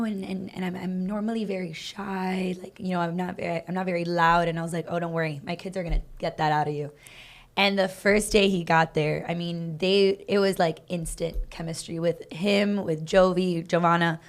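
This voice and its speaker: A woman with a slightly low voice hosts a casual podcast with her co-host. She tells stories with lots of energy and acts out the quoted lines. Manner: animated, acts out quoted dialogue, fast bursts. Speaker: podcast co-host, dance team coach. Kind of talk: casual storytelling chat.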